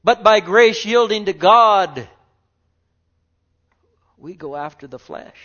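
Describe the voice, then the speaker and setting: A man preaching a sermon in a fairly high voice, swinging from near-whispered murmurs up to ringing exclamations. He leans on rhetorical questions and repetition. The recording sounds dull and lo-fi. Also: animated, slow pace. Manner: fervent, swings from hushed murmurs to loud exclamations.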